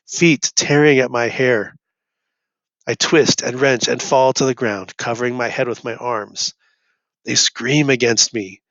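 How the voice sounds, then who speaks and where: A young man reads a novel chapter aloud at a middle pitch, narrating in first person. The sound is dull and lo-fi, and the dry room adds no echo. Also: a bit bright. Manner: first-person narration, rising to urgent cries. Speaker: reader. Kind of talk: audiobook reading.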